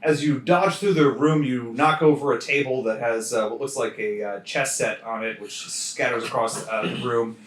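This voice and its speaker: A man's voice: mid-range voice, normal speed, hardly any pauses, a bit bright. Laid-back man running a tabletop game. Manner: hesitant, many fillers, bursts into laughter. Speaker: game master. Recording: roomy sound from a distant mic with faint noise.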